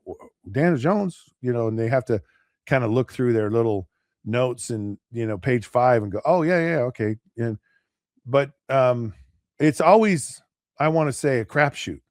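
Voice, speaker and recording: A man co-hosting a casual sports talk show, rambling with many restarts and acting out players and pundits in quick asides. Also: mid-range voice, a little mellow, no room sound, studio quality. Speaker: podcast co-host.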